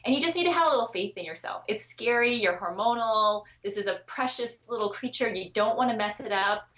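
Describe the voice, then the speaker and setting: A woman's voice: a little high, fairly quick, fairly bright tone. Chatty woman guest, earnest. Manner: earnest, chatty, frequent fillers and restarts. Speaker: guest expert on child sleep. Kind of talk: podcast interview.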